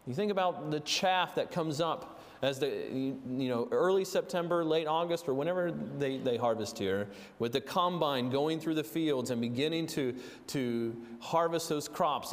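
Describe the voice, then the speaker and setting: A man preaching a sermon, earnest and storytelling, with fillers and restarts. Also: fairly high pitch. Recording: long reverb of a large hall.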